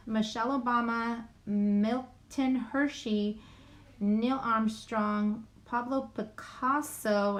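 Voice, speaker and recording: Hosting a casual YouTube livestream from home, a woman with a fairly high voice reads a list aloud. She's chatty and self-deprecating, constantly saying sorry for how she pronounces the names.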